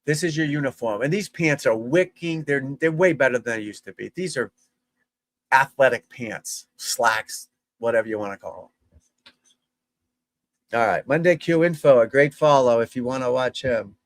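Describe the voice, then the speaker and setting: A man's voice: mid-range voice, normal speed, no echo. A man, a golf instructor, giving casual livestream commentary in a blunt, chatty way, swearing freely and talking straight to his viewers. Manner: blunt, profane, chatty, addresses viewers as folks and guys.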